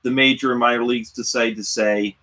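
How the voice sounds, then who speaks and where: A man moderating a casual debate, explaining haltingly with many restarts. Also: mid-range voice, fairly even intonation, sharp tone. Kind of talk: casual chat.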